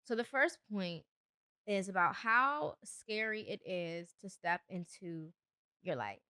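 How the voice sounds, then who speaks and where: A woman's voice: mid-range voice, animated, takes it slowly, sharp tone, clean tone, no room sound, studio quality. A young adult woman hosting a solo podcast, talking earnestly and a bit preachy, with emphatic bursts. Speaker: podcast host. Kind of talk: solo motivational podcast talk.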